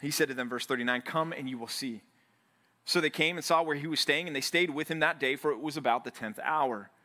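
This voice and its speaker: High, bright-voiced preaching man. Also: fast. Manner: energetic, rising to near shouts when urging; acts out biblical quotes in an animated voice. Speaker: pastor teaching a men's Bible study. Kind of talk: sermon.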